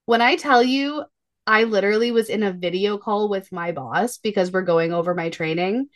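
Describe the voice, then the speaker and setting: A woman's voice: medium pitch, normal speed. A woman in her thirties co-hosting a podcast, chatting casually and acting out her kids' voices as she tells stories. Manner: animated storyteller, acts out her kids' voices. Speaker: podcast co-host. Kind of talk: casual chat.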